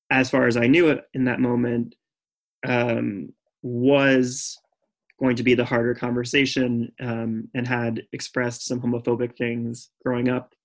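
Candid man telling a personal story. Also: mid-range voice. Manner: chatty, full of "like" and "um" fillers; earnest and candid.

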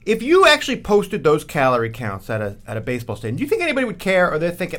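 A quick-talking New man co-hosts a radio show, wisecracking and then rattling off a live ad read. His voice sits a little high and swings around a lot. Faint music plays underneath. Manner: fast, wisecracking, animated. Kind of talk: joking sports radio banter with live ad reads.

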